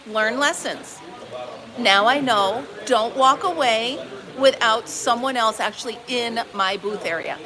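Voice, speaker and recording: Woman host, high voice, exclaiming, chatting live from a busy market barn full of noisy crowd. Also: unhurried. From upstate New York. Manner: animated, exclaiming, acts out quoted dialogue. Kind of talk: casual storytelling to live viewers. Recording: busy crowd noise behind.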